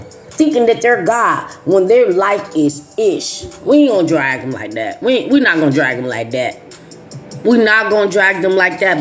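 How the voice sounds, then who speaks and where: A middle-aged woman talks straight to her listeners, emphatic and repetitive, often sinking into low, quiet asides. Her voice sits at an ordinary pitch for a woman, and faint music plays under her. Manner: emphatic, repeating phrases, dropping to low asides. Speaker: host. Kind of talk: casual chat.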